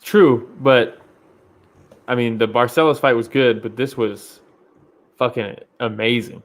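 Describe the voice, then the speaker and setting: A man's voice: medium pitch, fairly even intonation, unhurried. A man co-hosting a fight podcast, talking in casual chat, swearing freely and agreeing with enthusiasm. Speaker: podcast co-host.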